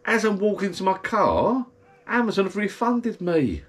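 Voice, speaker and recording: A man's voice: sits high, very animated, measured pace, fairly bright tone. Bloke moaning away, casual rambling chat in his backyard bar. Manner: chatty, grumbling rant. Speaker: vlogger. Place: backyard garden bar shed.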